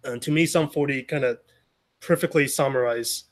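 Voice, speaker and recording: A man's voice: medium pitch, normal speed. A man giving an informal Sunday message to a small gathering, talking in a conversational way with many restarts and asides. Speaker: speaker sharing a Sunday message. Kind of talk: informal sermon.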